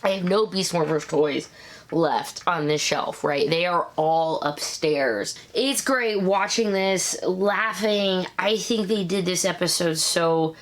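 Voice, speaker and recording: Woman, 30s, review host, casual chat, animated, quick asides. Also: lowish voice. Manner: chatty, animated, quick asides and mimicked quotes.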